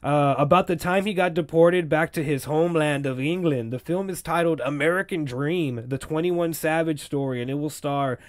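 A young male podcast host riffing on film news, profane and rambling, breaking into laughs. His voice sits a touch high. The recording is close and dry. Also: normal speed, hardly any pauses, dry recording. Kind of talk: casual entertainment-news commentary.

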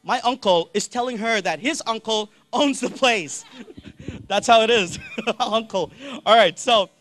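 A young adult telling a funny story to an audience, animated with quick asides and laughing between lines. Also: medium pitch. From Palau. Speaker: youth campaign speaker.

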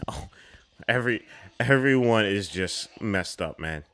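A young man hosting a casual film reaction, excitable and slangy, calling out at the screen. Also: lowish voice, a little slow.

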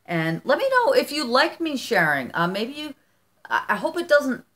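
A woman's voice: high-pitched, sing-song, normal speed, fairly bright tone. A middle-aged woman from the United States chatting casually on her vlog as she opens fan mail, gushing and rambling with many restarts. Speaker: vlogger.

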